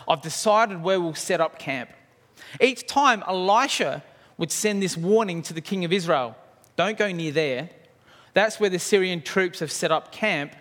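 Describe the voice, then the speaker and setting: A man's voice: high-pitched, a bit bright. A man preaching a sermon, telling a story vividly and asking rhetorical questions, in a church hall. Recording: long hall reverb.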